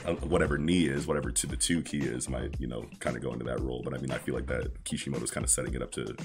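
A man's voice: a bass voice, fairly even intonation, racing, music in the background. A man casually chatting about manga on a podcast, laid-back and full of fillers and swearing.

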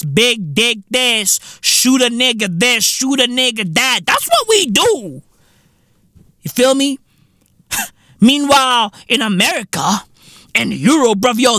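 Animated profane podcast host. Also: male voice, very high-pitched, no echo, studio quality. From South Africa. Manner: profane, animated, repeats "bruv" and "you feel me". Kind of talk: comedic solo rant.

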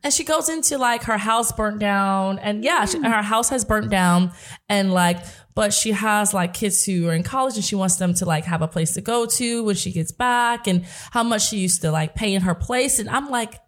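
A woman's voice: mid-range voice, moderate pace. A woman hosting a podcast, telling stories in a chatty, upbeat way with lots of fillers. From Brooklyn, New York. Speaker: podcast host. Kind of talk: casual podcast chat.

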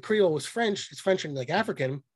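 A man with a fairly high voice co-hosts a casual podcast chat, excited and profane, with a mocking edge. He is recorded dry and close, with no room sound. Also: husky, dry recording. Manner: excited, profane, mocking, quick bursts of mimicry. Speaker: podcast co-host.

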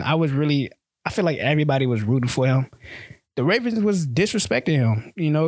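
A man's voice: mid-range voice, a little mellow, no room sound. A man hosting a casual solo sports podcast, talking loosely in slang and often restarting his words.

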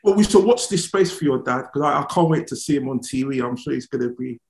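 A man's voice: medium pitch, expressive, fast, gravelly, reverberant. A man interviewing a guest, stacking several questions together.

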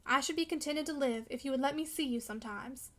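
A woman's voice: high-pitched, quick pace, close to an everyday voice. Woman reading a pleading, discontented young man. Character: discouraged, longing young man of twenty-one. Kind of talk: audiobook character reading.

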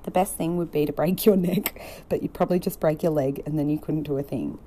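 A woman's voice: low voice, fairly even intonation, mellow, a little hiss or hum, lightly acted. A woman reading the lines of a troubled young woman, earnest and pleading. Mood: brooding. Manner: earnest, pleading, quickening when upset.

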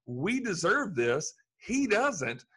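A man's voice: sits high, big pitch swings, slow, fairly bright tone, breathy edge, voice pushed up, exaggerated voice. A preacher acting out a repentant male thief on a cross, urgent and incredulous.

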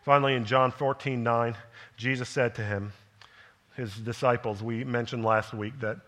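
A man's voice: medium pitch, fairly even intonation, moderate pace, a bit bright. A man, a pastor, preaching a sermon in a conversational way, tossing questions at the listeners and building to an emphatic delivery. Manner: conversational preaching with rhetorical check-ins.

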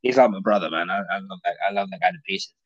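A man in casual podcast chat, talking in loose rambling bursts full of fillers and swearing. His voice is mid-pitched and sounds dull and lo-fi. The room is dry and close. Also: big pitch swings, rapid-fire, gravelly, no room sound. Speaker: stand-up comedian, guest. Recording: muffled dry lo-fi audio.

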